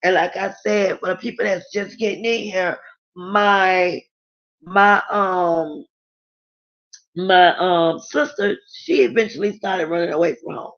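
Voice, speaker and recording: A woman's voice: lowish voice, a little slow. A middle-aged woman hosting a casual live stream, chatting candidly and reading viewer comments aloud. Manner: chatty, candid, rambling with restarts. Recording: dull lo-fi sound.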